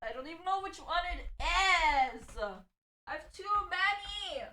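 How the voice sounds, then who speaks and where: A woman's voice: extremely high pitch, expressive, unhurried, sharp tone. A woman live streamer chatting casually, flustered and swearing as she troubleshoots her setup.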